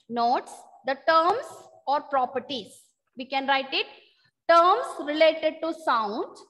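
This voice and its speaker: A woman teacher with a notably high voice runs an online lesson, coaxing answers from students. She repeats key terms slowly and patiently for note-taking. Her voice carries a long, echoing reverb. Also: fairly bright tone.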